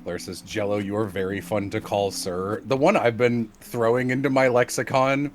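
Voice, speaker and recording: A man's voice: on the low side, normal speed, soft background music. A man chatting casually with friends on a live stream, joking and laughing often, with an Irish accent. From Ireland. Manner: animated, laughs often, jokey quoted voices.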